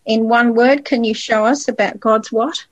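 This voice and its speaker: A woman's voice: a little high, steady tone, normal speed, dry recording, muffled recording. A woman leading a group Bible study, guiding the discussion and putting questions to the panel.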